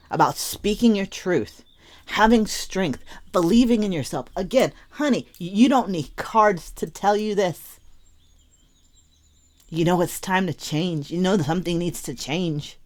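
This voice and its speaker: Emphatic woman tarot reader, low voice. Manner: emphatic, emotional, swings from muttering to impassioned urging. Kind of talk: intuitive tarot reading to camera.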